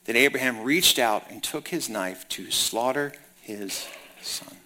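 A man's voice: medium pitch, unhurried, sharp tone, slight background noise. A man preaching a sermon, reading scripture and retelling it in casual, conversational paraphrase. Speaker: pastor.

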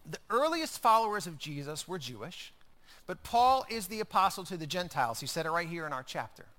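A man delivering a sermon with a high, bright voice. He preaches conversationally and drives his points home with repeated phrases. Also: big pitch swings, a little fast. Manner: conversational preaching with emphatic repetition. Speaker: pastor.

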